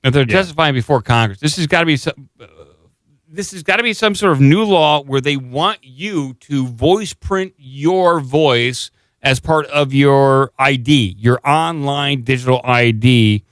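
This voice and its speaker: A man on a podcast reads a news article aloud and breaks in with dry, sarcastic comments. His voice is smooth and resonant. It sounds close and dry on a studio microphone. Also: mid-range voice, unhurried, a bit bright, no echo. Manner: sarcastic, jokey asides. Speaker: podcast co-host. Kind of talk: casual chat, reading a news article aloud.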